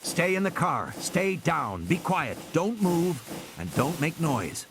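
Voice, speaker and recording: A man's voice: a little high, very animated, slow pace, gravelly, background noise, voice pushed up, heavily acted. A man reading an audiobook, voicing an adult man giving firm, insistent instructions over a radio.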